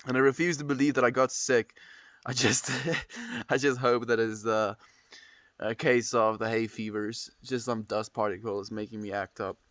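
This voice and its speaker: A man's voice: medium pitch, fairly even intonation, moderate pace, a bit bright, no echo. A young man with a stuffy nose chatting casually on a livestream, rambling and reflective as he greets viewers.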